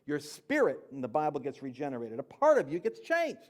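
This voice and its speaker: A man telling his conversion story in a conversational, animated way, jumping from loud emphatic bursts to quiet low asides. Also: fairly quick. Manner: conversational with fillers and slang. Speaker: Christian speaker. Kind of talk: personal testimony storytelling.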